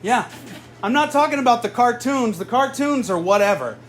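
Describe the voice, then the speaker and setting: A man in his thirties from Southern California doing a stand-up comedy set with a deadpan, self-mocking delivery. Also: very high voice, normal speed. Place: live comedy venue with audience. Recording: noisy live room ambience. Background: audience laughter.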